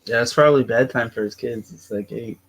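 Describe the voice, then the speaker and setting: A man's voice: medium pitch, fairly quick, fairly bright tone, muffled recording. Eager teasing man, faint hiss behind. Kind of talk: casual chat.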